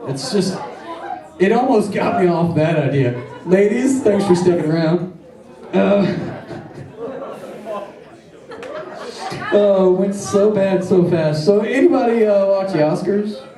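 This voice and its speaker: A male stand-up comic with a high, mellow voice that leaps all over the place as he rambles through crude jokes and quick apologies. The sound is echoey and a bit distant, as if from a mic set back in the room. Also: expressive, crowd noise. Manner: crude, rambling jokes with self-deprecating asides. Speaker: stand-up comedian. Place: comedy stage before a live audience.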